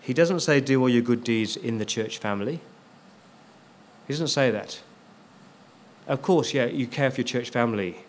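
A man's voice: medium pitch, moderate pace, pauses often. Emphatic male pastor preaching. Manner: emphatic, repeats key words for stress. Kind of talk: sermon.

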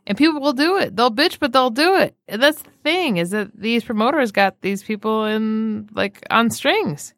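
A woman's voice: fairly high pitch, normal speed, few pauses, no echo. Chatty woman, very dry sound. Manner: animated storyteller, quotes people. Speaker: podcast co-host. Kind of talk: casual chat.

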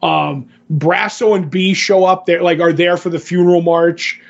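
High-voiced man excitedly recapping a show. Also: normal speed, vocal fry, highs cut off. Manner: animated scene-by-scene retelling. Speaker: podcast co-host. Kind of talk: casual podcast chat recapping an episode.

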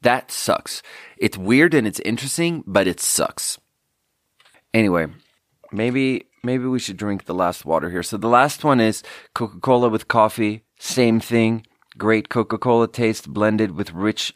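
Male podcast host, low voice, casual rambling delivery, close and dry. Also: animated, unhurried, dry recording. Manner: rambling, self-deprecating, frequent fillers. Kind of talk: casual solo talk with drink tasting.

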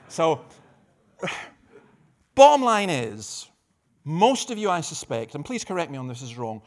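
A middle-aged man giving a conference talk on evangelism, telling stories with humorous asides and often restarting phrases. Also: on the high side. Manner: lively storytelling with humorous asides; repeats words while restarting phrases. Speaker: preacher and evangelist.

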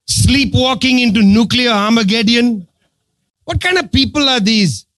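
A man's voice: very high-pitched, a little slow, fairly bright tone, no room sound. A man giving an impassioned political talk to an audience, sarcastic and emphatic, driving his points home through repetition. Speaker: political speaker addressing an audience.

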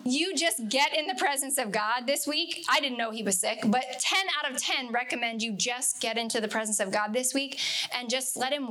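A woman with a fairly high, bright and forceful voice leads a casual Bible study. She talks in an earnest, conversational way and repeats words for emphasis.

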